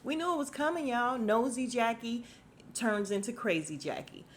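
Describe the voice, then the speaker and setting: A woman's voice: fairly high pitch, big pitch swings, moderate pace, slight background noise. A woman hosting a podcast at home, recapping a reality show in a chatty, sassy way and laughing often. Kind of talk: casual chat.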